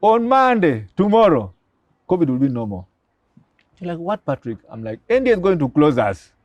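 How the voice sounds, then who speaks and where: Older man, Ugandan accent, quick lively storytelling, higher voice, dry close sound. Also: no room sound, dull audio. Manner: excitable, acts out dialogue in his stories. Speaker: guest, pharmacy professor. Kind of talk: animated storytelling.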